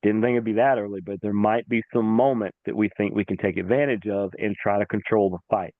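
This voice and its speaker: Low-voiced man recapping fights. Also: fairly quick, no room sound, phone-quality sound. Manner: animated storytelling, acts out the referee. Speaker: podcast host. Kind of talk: casual fight-sports recap.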